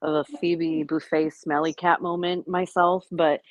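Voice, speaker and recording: A hoarse woman chatting on a panel, earnest and emphatic. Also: low-pitched, flat delivery, unhurried, dry recording. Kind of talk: casual panel chat.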